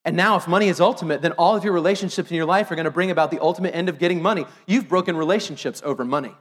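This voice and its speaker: A middle-aged man, a pastor, preaching an animated sermon with joking asides to the congregation. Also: fairly high pitch, racing. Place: church sanctuary. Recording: long hall reverb.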